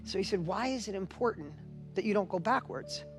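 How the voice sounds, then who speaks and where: A middle-aged man with a high-pitched voice speaks to an audience at a motivational event. He tells a personal story with feeling and pushes toward rousing, urgent appeals. Soft music plays faintly underneath. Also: expressive, fairly quick. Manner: storytelling, emotional, builds to urgent exhortation. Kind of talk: motivational stage talk.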